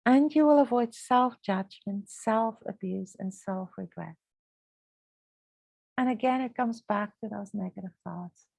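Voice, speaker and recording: A woman hosts a casual, conversational podcast, speaking in an earnest, reflective and motivational way. Her mid-range voice is gravelly and darkish, her pace is unhurried, and there's no room sound.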